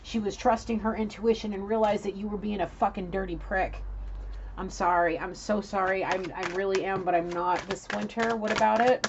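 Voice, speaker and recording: A woman giving a casual tarot reading, blunt and profane, scolding and animated as she talks. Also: mid-range voice, moderate pace, dull audio, slight background noise. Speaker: tarot reader.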